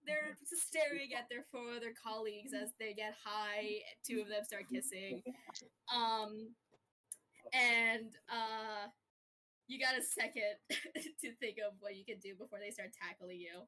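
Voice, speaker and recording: Bright, playful woman narrating a roleplay. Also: fairly high pitch, a little slow. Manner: chatty, giggly, playful narration. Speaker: game master. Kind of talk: narrating a tabletop-style roleplay.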